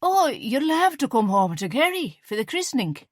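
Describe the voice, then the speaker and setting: A woman's voice: mid-range voice, animated, unhurried, a bit bright, no echo, studio quality. A woman voicing a tipsy, outspoken Irish mother from Kerry, slurring slightly and pushing her views. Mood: bossy, tipsy.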